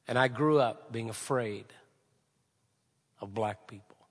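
A man's voice: mid-range voice, measured pace, breathy edge. A man preaching a sermon to a congregation, asking rhetorical questions and repeating phrases for emphasis. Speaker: pastor. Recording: reverberant hall.

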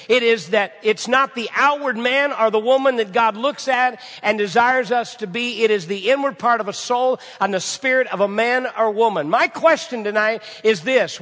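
A man's voice: very high voice, fairly bright tone. A man preaching a sermon to a congregation, asking rhetorical questions and repeating phrases for emphasis. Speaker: pastor. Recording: reverberant hall.

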